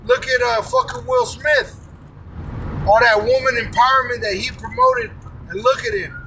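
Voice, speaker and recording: A man preaching an angry, profane fire-and-brimstone sermon, often breaking into shouts, recorded from a distance. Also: very high-pitched, fairly even intonation, normal speed. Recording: distant mic with faint background noise.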